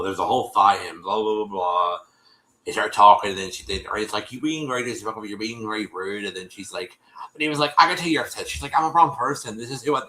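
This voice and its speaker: A man hosting a show, recapping an episode in casual chat, animated and full of fillers, with a cough. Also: lowish voice, reverberant, rough recording. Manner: animated, lots of fillers and repeats, acts out quotes.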